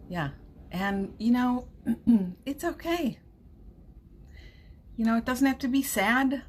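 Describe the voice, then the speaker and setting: A woman's voice: a little high, slow, darkish tone. A woman hosting a casual live stream, chatty, laughing often and reassuring her viewers, with a runny nose. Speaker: livestream host.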